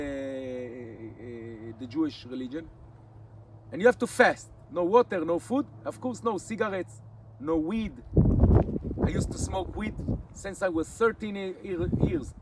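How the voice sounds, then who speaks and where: High-voiced Israeli man, rambling outdoors. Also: a little hiss or hum. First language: Hebrew. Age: 40s. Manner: rambling, restarts often, halting English. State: dry mouth from fasting. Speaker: nomad vlogger. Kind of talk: casual vlog monologue. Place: outdoors in the mountains.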